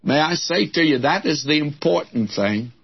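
A male preacher giving a sermon, telling a Bible story with expressive voices and quoting old-fashioned scripture. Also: fairly high pitch, normal speed, gravelly, husky, highs cut off.

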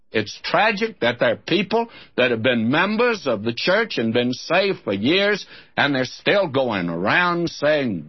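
A man's voice: medium pitch, husky, dull audio. A man giving a folksy, emphatic radio sermon as a Bible teacher, lifting his voice when quoting scripture. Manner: folksy, emphatic preaching with lively rises for scripture.

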